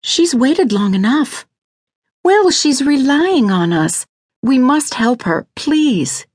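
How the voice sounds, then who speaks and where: Earnest young wife, high and tearful, played by a woman narrator; storybook reading. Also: sing-song, slow, darkish tone, dry recording, clean studio sound, exaggerated voice. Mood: pleading. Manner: earnest, pleading.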